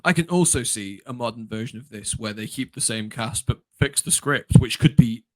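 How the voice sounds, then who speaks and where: Animated man in dry casual podcast chat. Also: mid-range voice, moderate pace, no room sound. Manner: animated, laughing, puts on voices when retelling scenes. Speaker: podcast co-host. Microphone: home mic on a stream.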